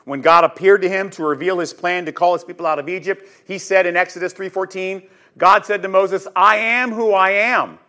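A man with a high-pitched voice teaches scripture as a sermon. He tells the story with drama and emphasis, moving between loud bursts and hushed moments, and often asks his listeners questions directly. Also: little pitch movement, fairly quick. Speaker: Bible teacher.

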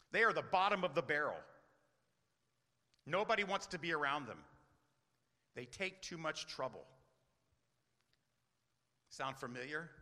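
A man's voice: high-pitched, bright, forceful tone, long reverb tail. A man preaching a sermon as pastor, earnest, often asking rhetorical questions.

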